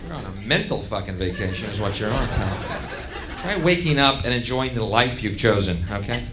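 A man in his thirties performing stand-up on a club stage with a handheld mic. He rants sardonically and profanely, dropping low and muttering, then flaring into sudden shouts. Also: animated, brisk, a crowd in the background, noisy background. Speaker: stand-up comedian. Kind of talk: stand-up comedy set.

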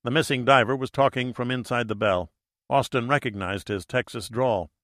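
Male audiobook narrator, steady dramatic read, bright tone, dry close sound. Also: medium pitch, normal speed, dry recording. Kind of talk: scripted narration.

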